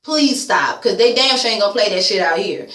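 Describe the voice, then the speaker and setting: Sassy, bright-voiced woman vlogger. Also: mid-range voice, expressive, brisk, reverberant. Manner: blunt, sassy, profane, talks straight at people as "girl". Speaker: YouTube vlogger reviewing a reality show. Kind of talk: casual recap commentary.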